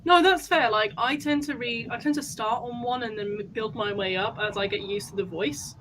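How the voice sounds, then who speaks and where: A woman guest in a casual book club chat, her voice sitting a little high. She talks thoughtfully in long rambling turns and swears now and then. A faint noise runs behind her. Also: normal speed.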